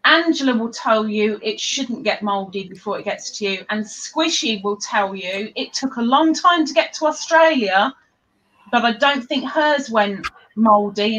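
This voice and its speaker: A woman's voice: fairly high pitch, measured pace, lo-fi sound. Chatty woman hosting a livestream. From England. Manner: chatty, animated, teasing. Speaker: livestream host. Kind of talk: casual livestream chat.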